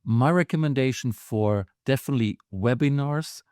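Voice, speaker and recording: A man with a mellow, warm tone explains his advice step by step. His pace is measured and steady. The sound is dry and close. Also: medium pitch, no echo.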